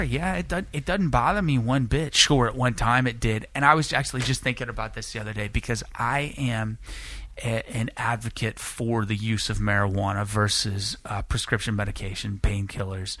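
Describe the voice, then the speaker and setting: A man in his late twenties spins a meandering story in a casual podcast conversation. He curses freely and keeps circling back with restarts. His voice is bright and forceful, and the room is close and dry. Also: mid-range voice, normal speed, no room sound. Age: late 20s. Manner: rambling, profane, animated when acting out quotes. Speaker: podcast guest.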